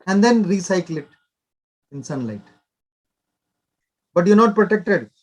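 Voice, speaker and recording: An older male doctor gives advice in an interview. His voice sits fairly high, and he talks instructively in short, repeated directives. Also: big pitch swings, measured pace. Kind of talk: explanatory interview talk.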